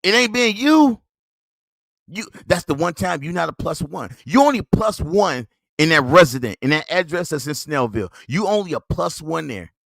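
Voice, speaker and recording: High, lively, mocking podcast host man. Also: normal speed, gravelly, no room sound. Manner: mocking, scolding, laughs at the other man. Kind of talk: heated commentary on a played clip.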